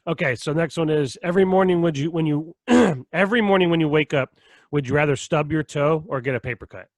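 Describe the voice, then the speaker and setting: A man's voice: a little high, a little fast, no echo. A man hosting a casual podcast chat, laughing often as he reads out would-you-rather questions. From Irish family background. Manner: laughs often, relaxed and joking. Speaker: podcast host.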